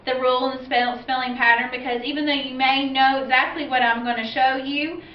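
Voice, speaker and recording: Female second-grade teacher, high voice, careful explainer; echoey room with light hiss. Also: steady tone. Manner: slow, clear explaining with spelled-out letters. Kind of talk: instructional video for parents. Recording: roomy, distant, dull lo-fi sound with faint hiss.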